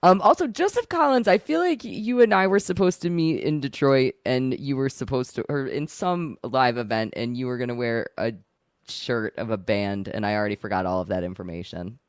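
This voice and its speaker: A woman's voice: extremely low pitch, expressive, moderate pace, dry recording, clean studio sound. A woman co-hosting a casual livestream podcast, chatty and self-deprecating. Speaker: podcast co-host.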